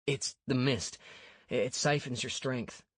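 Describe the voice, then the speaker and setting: A man's voice: mid-range voice, takes it slowly, a bit bright, slightly rough, no echo, studio quality, voice pushed up. A man voicing a wheezing, worn-out young warrior. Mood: weak. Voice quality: wheezy, weak. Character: exhausted young male novice warrior player.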